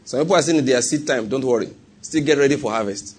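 A man's voice: mid-range voice, fast talker, slight background noise. A man with a Nigerian accent preaching a sermon and telling a personal story, often checking whether the congregation follows him. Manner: conversational, asks the congregation if they follow.

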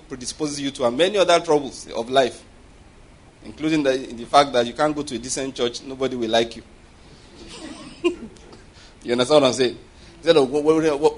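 A man preaching a sermon in a chatty, conversational way, often checking whether the congregation understands and chuckling between points. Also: mid-range voice.

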